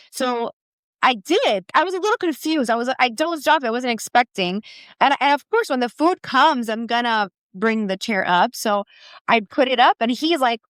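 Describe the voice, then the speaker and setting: A middle-aged woman co-hosting a podcast, telling a story in casual chat with many restarts and halting repeats. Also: a little high, animated, fairly bright tone, no echo. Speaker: podcast co-host.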